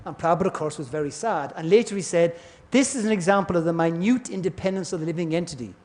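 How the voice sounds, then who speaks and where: A man's voice: fairly high pitch, quick pace, darkish tone. A man giving a scripture class lecture, telling parables and acting out the voices in them. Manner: storytelling, acts out voices in parables. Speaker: class speaker. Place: temple hall.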